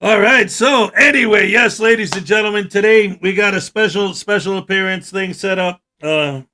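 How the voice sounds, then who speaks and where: A man's voice: high voice, moderate pace, slight background noise. Jokey male livestream host. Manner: jokey, often shouting hype, laughing at his own jokes. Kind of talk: casual livestream chat, greeting viewers.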